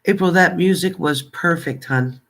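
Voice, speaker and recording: An older man casually chatting on a livestream, warmly thanking viewers by name and calling them hon. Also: high-pitched, moderate pace, creaky. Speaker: livestream host.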